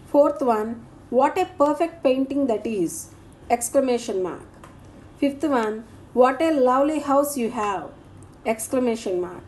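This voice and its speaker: Slow high-voiced woman teacher dictating answers. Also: a little mellow. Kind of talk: reading out grammar exercise answers.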